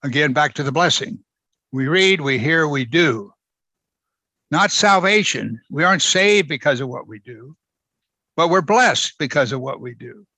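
A man's voice: on the high side, lively intonation, unhurried, bright, forceful tone, no echo. A man preaching a verse-by-verse sermon, emphatic and repeating phrases for stress. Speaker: pastor. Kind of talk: expository sermon.

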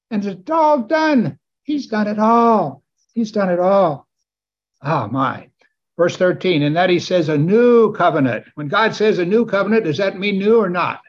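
A man preaching a sermon in a church, animated and building to exclamations and calls for amens. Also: high voice, highs cut off.

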